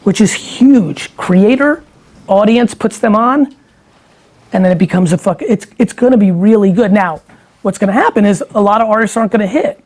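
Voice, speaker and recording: A man's voice: high-pitched, normal speed, darkish tone. A middle-aged man talking casually as an interview guest, emphatic and profane, often rambling through his points.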